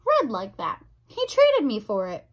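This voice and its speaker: A woman voicing a loud, simple servant girl who talks bluntly and ungrammatically. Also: fairly high pitch, huge pitch swings, measured pace.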